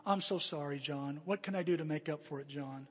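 A man's voice: on the high side, a little fast, husky, big-room sound. Man doing a pleading poor schoolboy. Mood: remorseful.

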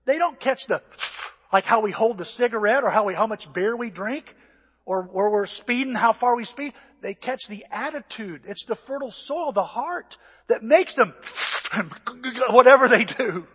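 An older man preaching a sermon, telling stories animatedly and acting out voices and shouts, sounding a little out of breath. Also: sits high, lively intonation, moderate pace, slightly rough. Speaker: pastor. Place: church. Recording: echoey church hall.

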